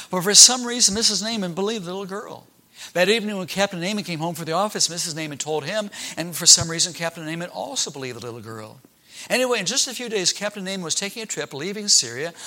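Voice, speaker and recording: A man tells a Bible story to children with a bright, ringing voice that sits a little above the usual male range. He keeps checking in with his listeners through questions and acts out the characters along the way. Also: high-pitched.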